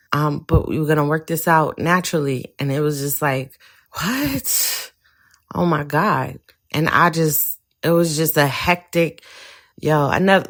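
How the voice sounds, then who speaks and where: Low-voiced woman telling a personal story. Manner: candid, animated retelling with quoted voices and laughter. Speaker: podcast host.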